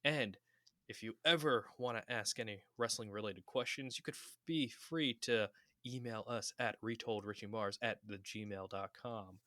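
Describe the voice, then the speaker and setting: A man hosting a podcast with a dry, self-mocking, somewhat flat delivery. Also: lowish voice, normal speed, no room sound. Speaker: podcast host. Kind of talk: casual podcast chat.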